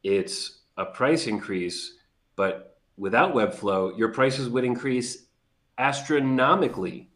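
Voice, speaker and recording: A man's voice: medium pitch, slow pace, fairly bright tone, echoey room. A man co-hosting a livestream podcast, explaining his points plainly and reading viewer comments aloud. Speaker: podcast co-host. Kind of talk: casual livestream chat.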